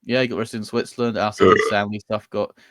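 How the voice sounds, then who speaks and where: A man's voice: lowish voice, flat delivery, very fast, a bit bright, no echo, studio quality. A man co-hosting a podcast, sarcastic and rambling with lots of fillers. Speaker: podcast co-host. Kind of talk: ranty casual chat.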